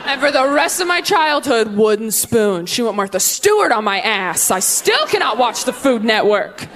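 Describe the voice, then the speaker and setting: A woman's voice: on the high side, sing-song, a bit bright. Sarcastic young woman doing stand-up. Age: 20s. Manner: brisk, sarcastic, punchy delivery. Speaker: stand-up comedian. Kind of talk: stand-up comedy.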